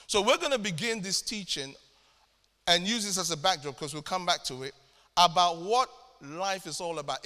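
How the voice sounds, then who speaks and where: A man preaching a sermon to his congregation, emphatic and slowing down to stress key phrases. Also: sits high, pushed and bright. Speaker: pastor. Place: church hall. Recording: long hall reverb.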